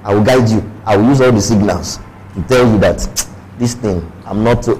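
A pastor with a Nigerian English accent, preaching a sermon in church, with playful asides and acted-out quoted voices. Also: male voice, on the low side, brisk, a little mellow, a little hiss or hum, rough recording.

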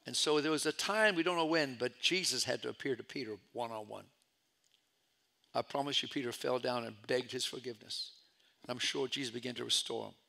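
A middle-aged man preaching a storytelling sermon as pastor, swinging from loud calls to hushed asides. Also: medium pitch, creaky.

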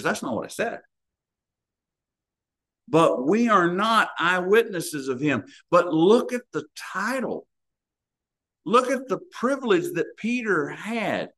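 A man's voice: high voice, a bit bright. A man preaching a sermon, telling stories and acting out the voices in them. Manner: storytelling preacher, acts out voices in anecdotes.

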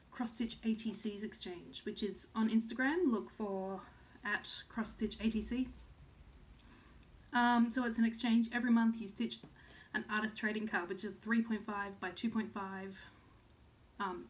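A woman's voice: medium pitch, slight background noise. Chatty woman in her thirties from Australia. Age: 30s. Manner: chatty, filler-heavy, second-guessing herself. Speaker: cross-stitch vlogger. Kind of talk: casual chat to camera.

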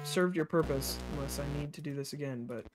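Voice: mid-range voice, a little fast. Swearing, exasperated gaming streamer over music. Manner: frustrated, swears a lot, talks to self and chat; swings from muttering to sudden loud outbursts. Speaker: livestreamer. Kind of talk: live gameplay commentary.

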